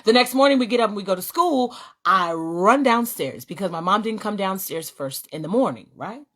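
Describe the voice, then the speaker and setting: A woman hosts a faith-based talk and tells a personal story with real animation. Her pitch swoops up and down as she goes, though it sits in a middle register. She laughs easily as she talks. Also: expressive, moderate pace, fairly bright tone. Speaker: host.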